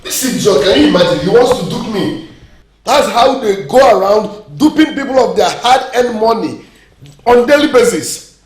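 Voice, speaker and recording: A man's voice: high voice, lively intonation, normal speed. An actor with a Nigerian accent playing an angry, threatening king in a film. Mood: furious. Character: furious proud king, quick to threaten. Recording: echoey room, faint noise.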